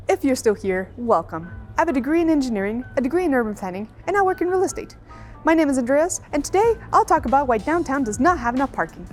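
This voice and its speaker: A woman's voice: high-pitched, very animated, fast talker, darkish tone, soft background music. A woman hosting a video essay in a scripted voice-over, with a sarcastic, ranting manner.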